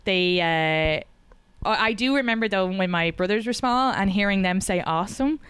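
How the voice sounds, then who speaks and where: An Irish woman talks in a relaxed, rambling way, full of "like" asides. Her voice is smooth and clear. The sound is dry, with no room echo. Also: medium pitch, moderate pace. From Ireland. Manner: chatty storyteller, many "like" fillers. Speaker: comedian guest. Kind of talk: casual chat.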